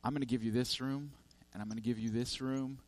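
A man's voice: mid-range voice, steady tone, fairly quick, darkish tone, close to an everyday voice. A preacher voicing a desperate man begging for help. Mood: pleading. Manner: pleading, crying out for help. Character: desperate man battling the devil in his home.

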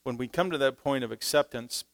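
A man preaching a sermon in church, swinging between quiet, low asides and loud, emphatic passages, speaking into a stage microphone. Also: a little fast. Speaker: pastor.

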